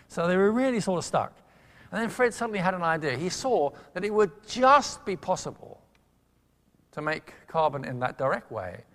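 Older man lecturing, very lively pitch. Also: gravelly. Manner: storytelling, lively emphasis, self-interrupting asides. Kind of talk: public lecture. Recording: long hall reverb.

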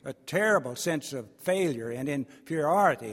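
A man preaching a sermon in a folksy, storytelling way, acting out voices as he goes. His voice sits a little high, and a long reverb trails after each phrase in a large hall. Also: moderate pace.

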